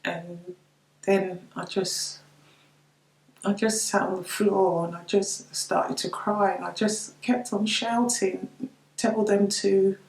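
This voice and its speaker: Slow, tearful woman. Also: medium pitch, steady tone, vocal fry, roomy sound, low-quality recording. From United Kingdom. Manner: halting, repeats words, tearful. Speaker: bereaved mother sharing her story. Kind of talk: personal testimony to camera.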